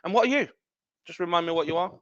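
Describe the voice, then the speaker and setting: A man's voice: high voice, quick pace, a bit bright, no echo, highs cut off. A man, a wrestling champion cutting an angry, profane, taunting promo as a podcast guest.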